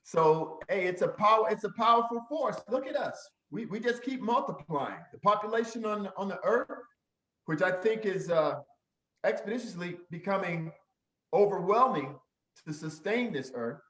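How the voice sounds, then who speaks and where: A man's voice: high-pitched, animated, normal speed, a bit bright. Blunt, crude man in an echoey room. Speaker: talk show host. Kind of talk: casual chat.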